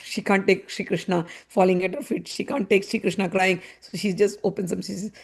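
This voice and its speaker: A woman telling a devotional story in an animated, conversational way with frequent asides. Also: mid-range voice, fairly quick, creaky, few pauses, slightly rough. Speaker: spiritual storyteller.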